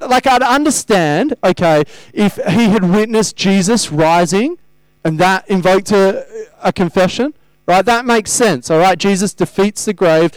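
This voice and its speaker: A man's voice: sits high, no echo, rough recording. A man preaching a sermon, conversational, asking his listeners rhetorical questions.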